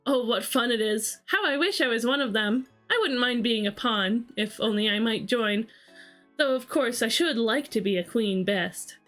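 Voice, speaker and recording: A woman's voice: fairly high pitch, moderate pace, a bit bright, soft background music, lightly acted. A woman voicing a polite, curious young girl. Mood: excited. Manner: polite, eager, wondering.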